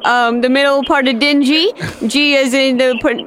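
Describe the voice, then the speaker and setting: Woman, comedy game show co-host, bright high voice, giggly, teasing banter. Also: steady tone, moderate pace, a little hiss or hum. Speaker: podcast co-host. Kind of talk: playful comedy game hosting.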